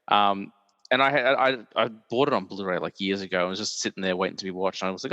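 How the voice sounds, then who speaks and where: A man's voice: sits low, fairly even intonation, quick pace, sharp tone, no echo, highs cut off. A man hosting a casual podcast, chatty and rambling, laughing often as he talks. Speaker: podcast host. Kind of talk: casual chat.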